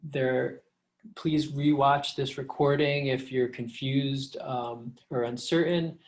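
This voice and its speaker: Gravelly-voiced professor giving a slideshow lecture. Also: male voice, medium pitch. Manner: relaxed, conversational, with fillers; reads verse lines slowly to show the meter.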